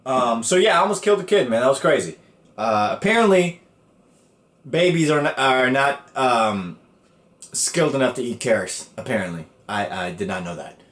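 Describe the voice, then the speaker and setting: A man of middle pitch hosts a podcast in a roomy, echoey space. He tells stories in loose slang full of swearing, jumping into loud quoted voices when he acts out the other people. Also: moderate pace. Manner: animated, profane, quotes people in raised voices. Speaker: podcast host. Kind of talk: casual storytelling monologue. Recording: echoey room.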